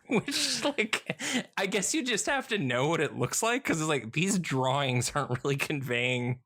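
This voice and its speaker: A man's voice: fairly high pitch, lively intonation, unhurried, bright, forceful tone. A man co-hosting a podcast, chatting casually about a comic in a rambling way, with lots of fillers and restarts. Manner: rambling, many fillers and restarts, laughs often. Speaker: podcast co-host.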